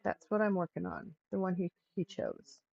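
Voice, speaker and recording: A woman's voice: on the low side, big pitch swings, normal speed, creaky, a little mellow, slightly rough. An older woman hosting a casual crafting livestream at home. She chats with her viewers and her pets as she works. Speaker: livestream host. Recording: dull lo-fi stream audio.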